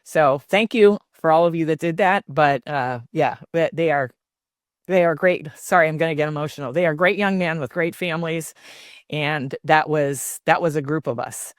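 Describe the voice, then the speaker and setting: An older woman, a grandmother, telling family stories as an interview guest, thoughtful and halting with many fillers. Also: low-pitched, no room sound, clean studio sound. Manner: warm reflective storytelling with many fillers. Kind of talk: casual interview talk.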